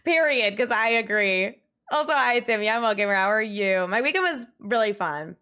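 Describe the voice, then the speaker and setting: A young woman streaming, chatting casually with viewers and ranting in an exasperated, animated way. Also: medium pitch, moderate pace, clean tone. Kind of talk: casual livestream chat.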